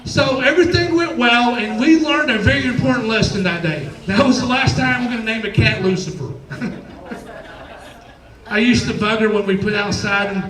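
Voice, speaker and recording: A man's voice: extremely high pitch, moderate pace, reverberant, recorded from a distance, crowd noise, poor audio. A man doing a stand-up comedy set, telling chatty stories and acting out quoted voices. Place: comedy club stage.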